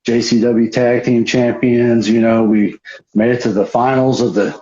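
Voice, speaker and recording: A man's voice: mid-range voice, flat delivery, moderate pace, mellow. Profane, rambling man on a livestream. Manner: rambling, profane, restarts often. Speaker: guest, wrestler. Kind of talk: casual storytelling interview. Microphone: video call. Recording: roomy, dull lo-fi livestream audio.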